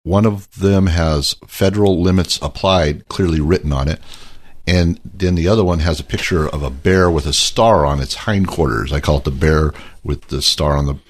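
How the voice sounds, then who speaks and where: A man's voice: extremely low pitch, normal speed. A man as a radio show guest, hedging his answers with dry humor. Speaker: guest from a gun rights group. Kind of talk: casual radio talk.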